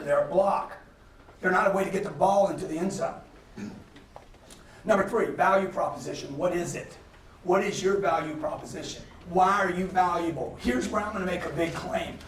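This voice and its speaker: Brief: high-pitched male motivational speaker, punchy and animated, recorded at a distance in an echoey hall. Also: a little hiss or hum. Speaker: guest speaker. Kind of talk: motivational business lecture. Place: lecture hall. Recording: roomy hall, mic at a distance, faint ambience. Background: audience laughter.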